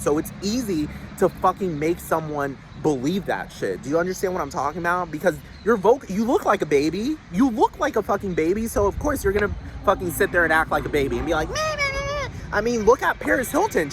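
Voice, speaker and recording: A young man rambling in a casual monologue, swearing constantly and filling his talk with "like" and "dude". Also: a little high.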